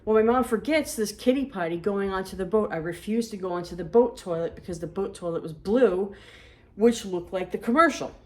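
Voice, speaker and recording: Podcast lady chatting away about growing up, mid-pitched voice. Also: a little fast. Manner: chatty, animated anecdotes. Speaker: podcast co-host. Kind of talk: casual storytelling.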